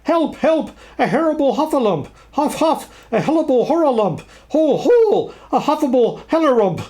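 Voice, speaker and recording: A man voicing a tiny, timid young male piglet in a storybook reading for children, crying out in squeaky, breathless, stammering bursts. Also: big pitch swings, unhurried, a little mellow. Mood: panicked.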